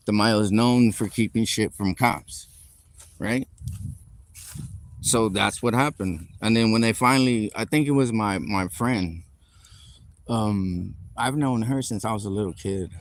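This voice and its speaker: Here a male livestreamer with a fairly low-pitched voice rants on a live stream, spinning an angry, rambling story full of swearing. Although he's on a city street recording with his phone, the audio carries no room sound.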